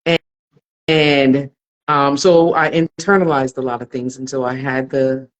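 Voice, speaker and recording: A woman's voice: very deep voice, little pitch movement, measured pace, low-quality recording. Earnest woman sharing a personal story. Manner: earnest, reflective, emotionally open. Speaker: podcast guest.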